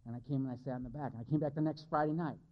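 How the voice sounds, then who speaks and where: A man's voice: mid-range voice, steady tone, racing. Candid man telling his recovery story. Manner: candid, self-mocking, storytelling. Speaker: guest speaker at a recovery meeting. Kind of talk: personal testimony to a live audience. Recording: lo-fi, dull recording.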